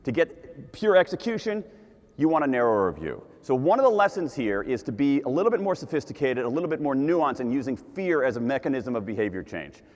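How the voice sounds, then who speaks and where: A man giving an animated conference talk, repeating his key points for emphasis. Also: medium pitch, brisk. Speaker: conference speaker. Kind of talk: keynote talk to a live audience. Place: large conference hall. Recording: long hall reverb.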